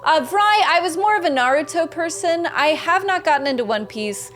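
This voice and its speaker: A woman's voice: very high voice, animated, normal speed, fairly bright tone, a little hiss or hum. A young adult woman streaming a game, casually chatting, greeting and thanking viewers by name and reading their messages aloud. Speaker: gaming streamer. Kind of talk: casual live-stream chat.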